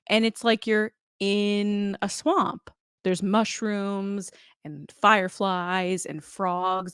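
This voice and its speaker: A woman's voice: mid-range voice, clear, resonant tone, no echo, studio quality. Bubbly woman chatting on a podcast. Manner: bubbly, laughs often, slips into voices. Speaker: podcast co-host. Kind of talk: casual chat.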